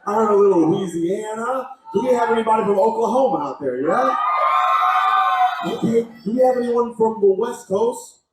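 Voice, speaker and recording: A man, working as a cruise director and hyping up a live crowd with call-and-response shouts, heard from a distance in a ship lounge. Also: sits high, expressive, moderate pace, heavy reverb. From Texas. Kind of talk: live crowd hype emcee. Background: loud cheering crowd and noise.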